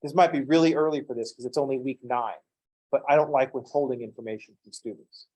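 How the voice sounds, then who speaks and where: A man's voice: mid-range voice, steady tone, fast talker, warm tone. A man teaching a college math class in a classroom, lecturing with wry jokes and playful asides.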